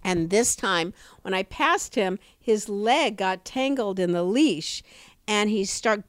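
Middle-aged female comic, podcast co-host; smooth, dry, close-miked; animated personal storytelling. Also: mid-range voice, measured pace, dry recording. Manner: vivid storytelling, acts out quoted voices. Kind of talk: casual podcast conversation.

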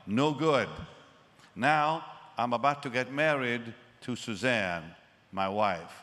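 A man in his seventies preaching a sermon, telling his story with animated delivery and acting out conversations. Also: medium pitch, slow pace. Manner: animated storytelling, acts out dialogue. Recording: long reverb of a large hall.

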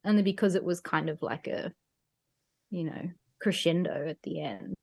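A woman's voice: on the low side, lively intonation, moderate pace, creaky, darkish tone. A woman co-hosting a casual film podcast, giggling, swearing casually and poking fun at herself. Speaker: podcast co-host. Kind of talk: casual chat.

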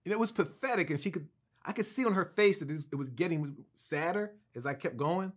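A man being interviewed as a guest co-writer, telling an anecdote in an animated, excited way, with restarts and laughs. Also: on the high side, brisk.

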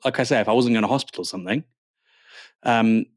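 A man's voice: mid-range voice, fast, no echo, clean studio sound. A middle-aged man giving emphatic, exasperated political commentary, often repeating himself for effect. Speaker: guest commentator.

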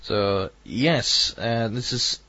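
A man's voice: medium pitch, very slow, pushed and bright, highs cut off. A man hosting an online radio show, rambling and self-deprecating, hesitant as he signs off. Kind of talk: casual online radio chat.

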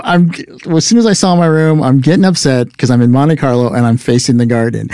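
A man's voice: medium pitch, dark tone, no echo, clean studio sound. A man hosting a casual podcast chat. He laughs often and tells upbeat anecdotes. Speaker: podcast host.

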